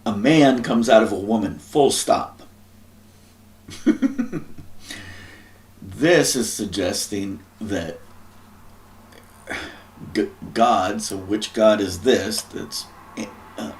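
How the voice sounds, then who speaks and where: A man thinking aloud through a scripture and word study, often clearing his throat. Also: lowish voice, takes it slowly. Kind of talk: musing scripture study talk.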